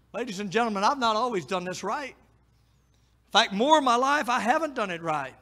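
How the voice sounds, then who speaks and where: High, bright-voiced preaching man. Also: very animated, moderate pace. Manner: swings from hushed pleading to loud preaching. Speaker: pastor. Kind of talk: sermon.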